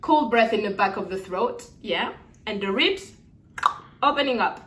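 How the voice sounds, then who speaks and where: A woman's voice: medium pitch, expressive, a little slow, a bit bright. A woman singing teacher giving a casual video lesson, chatting as she demonstrates breathing. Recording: echoey room from far off, faint noise.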